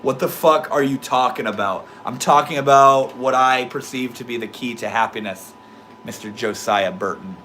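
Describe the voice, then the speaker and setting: A man's voice: mid-range voice, moderate pace, sharp tone, slight background noise. A young man with a slight lisp, talking casually to his livestream chat, laid-back and swearing freely. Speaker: livestream host reading chat.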